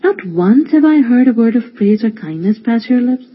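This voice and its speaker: A wise, gentle mother, voiced by a storyteller, explains things to her son calmly. She speaks with a slightly breathy softness, and the lo-fi recording muffles her. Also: mid-range voice, moderate pace, voice pushed up. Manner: calm, gentle advice. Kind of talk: storybook reading.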